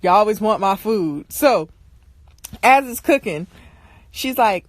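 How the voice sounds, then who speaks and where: A young woman livestream host tells her viewers stories in a casual, exasperated way, laughing often as she rants. Her mid-range voice is animated and slow, with no room sound.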